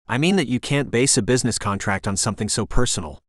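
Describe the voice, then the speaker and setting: A man's voice: mid-range voice, fast, no room sound, studio quality, lightly acted. A man voicing a blunt, resolute lover. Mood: insistent. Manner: firm and direct. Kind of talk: audiobook character voice.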